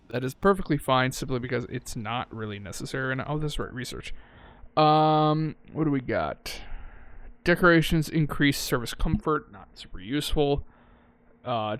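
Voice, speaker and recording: A man's voice: mid-range voice, fairly bright tone. A man giving casual gameplay commentary, thinking aloud and correcting himself, with frequent swearing. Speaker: let's-play gamer.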